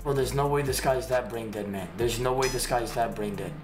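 Excitable streamer man in an echoey room. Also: mid-range voice, brisk. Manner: excitable, slangy trash talk with sudden shouts. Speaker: game streamer. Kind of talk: live gameplay commentary. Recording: echoey room with clear background music. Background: background music.

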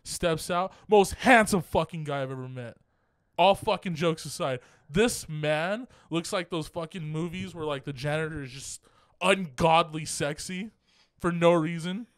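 A young man co-hosting a podcast, telling stories in a raised, slightly high voice. He talks in an excitable way, swears constantly and jumps between thoughts. The sound is close and dry, with no room echo. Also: unhurried. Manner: excitable, profane storytelling. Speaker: podcast co-host. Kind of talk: casual chat.

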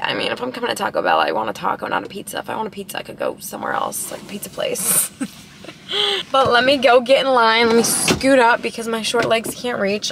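A bubbly, talkative Ohio woman of about twenty vlogs casually from her car at a drive-thru, filmed on a camera inside the car. Her medium-pitched voice is creaky with a fairly bright tone, and there's a little hiss or hum.

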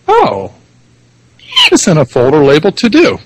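A man's voice: a little high, wildly swooping pitch, takes it slowly, a little hiss or hum, poor audio. A man co-hosting a podcast, chatting casually, rambling and laughing often, with some swearing. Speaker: podcast co-host. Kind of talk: casual chat.

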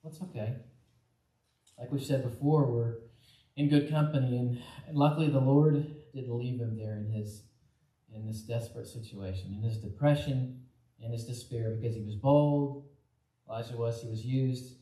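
A man's voice: medium pitch, fairly even intonation, normal speed, dark tone. A man from Texas preaching a conversational sermon as pastor, often acting out the voices of Bible figures. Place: church sanctuary. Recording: echoey church hall from off mic.

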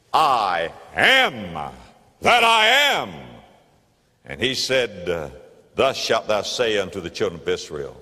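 Emphatic Southern preacher in echoing church. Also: male voice, fairly low pitch, bright, forceful tone. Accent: Southern American. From Florida, United States. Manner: emphatic preaching, repeating key phrases for weight. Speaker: pastor. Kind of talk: sermon. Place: church sanctuary. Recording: reverberant church hall.

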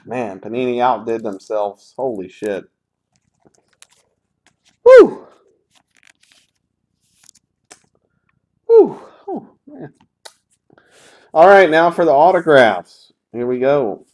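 A man's voice: mid-range voice, normal speed, hardly any pauses. A man hosting a live sports card break, calling out pulls in a sarcastic, grumbling, profane way.

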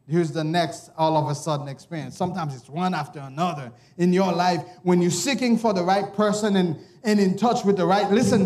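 High-voiced emphatic male preacher. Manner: emphatic, repeats "listen" and "look", swings from hushed to shouted. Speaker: pastor. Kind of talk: sermon. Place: church service.

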